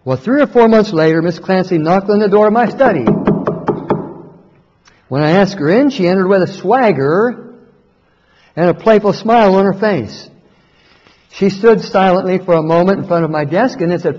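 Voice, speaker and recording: A pastor earnestly narrating his own story with a high, lively voice. A husky edge runs through his speech. The recording is dull, with a long reverb hanging behind it. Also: normal speed, pauses often. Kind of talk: first-person storytelling.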